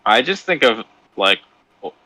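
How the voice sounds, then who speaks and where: A man chatting casually, answering in short, relaxed bits and laughing along easily. He speaks slowly with a bright, forward tone. The sound is dry and close, with no room echo. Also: medium pitch. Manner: relaxed, brief replies, easy laughter. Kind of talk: casual chat.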